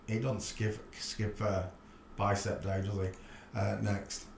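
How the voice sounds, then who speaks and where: A man's voice: lowish voice, a little slow, few pauses, darkish tone. A man hosting a casual livestream, rambling and thinking aloud with crude jokes. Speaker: livestream host. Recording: echoey room, faint background noise.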